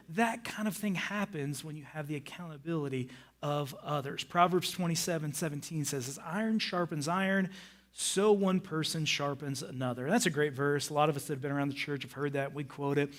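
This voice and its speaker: A middle-aged man preaching a sermon on a church stage, animated and acting out his own moods for the congregation. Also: fairly high pitch, brisk. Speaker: pastor.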